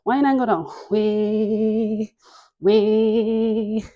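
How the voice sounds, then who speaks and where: Breathy, slow-cueing woman dance teacher. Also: mid-range voice, flat delivery, highs cut off. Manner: slow, breathy cueing with frequent laughs and sighs. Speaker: dance instructor. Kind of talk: cueing a dance workout class.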